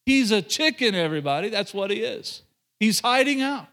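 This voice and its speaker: A male pastor preaching a sermon, retelling a story in an animated, conversational way and speaking straight to his listeners. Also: sits high, normal speed.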